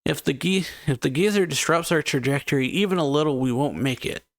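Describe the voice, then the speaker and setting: A man's voice: a little high, a little fast, no echo, pitched above the performer's own voice, lightly acted. A man reading aloud the lines of a calculating young female cyborg scientist from a manga, in a lightly raised voice, with a dry close sound. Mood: urgent.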